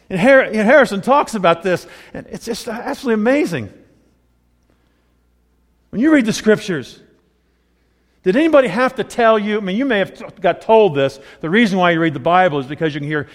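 A man preaching a sermon in a conversational, excitable way that rises with emphasis. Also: high voice. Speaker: pastor. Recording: long hall reverb.

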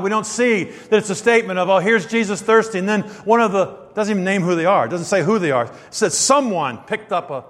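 Male preacher, slightly high voice, swings quiet to emphatic, big hall reverb. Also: fairly quick, hardly any pauses. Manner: builds from quiet reflection to loud emphatic stresses. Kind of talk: sermon.

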